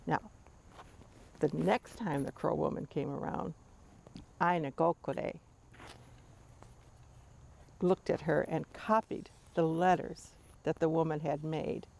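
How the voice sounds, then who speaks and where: An older woman telling a family story to her grandchildren in a measured, tender way. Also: deep voice, fairly even intonation, gravelly, a little mellow.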